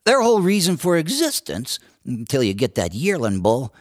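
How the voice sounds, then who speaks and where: A man reciting a humorous cowboy poem with an expressive storytelling delivery. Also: medium pitch, no room sound, clean studio sound. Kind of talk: dramatic poetry recitation.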